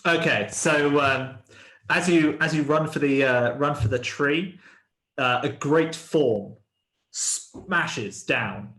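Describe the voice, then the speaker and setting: A man running a tabletop game as game master, describing the scene in a halting way with many fillers and restarts. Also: fairly high pitch, fairly bright tone, echoey room. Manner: hesitant, full of ums and restarts.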